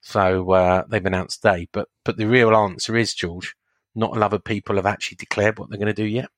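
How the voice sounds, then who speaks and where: A man's voice: lowish voice, steady tone, a little fast, dry recording. A man co-hosting a podcast, chatting and explaining with restarts. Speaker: podcast co-host. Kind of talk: casual chat.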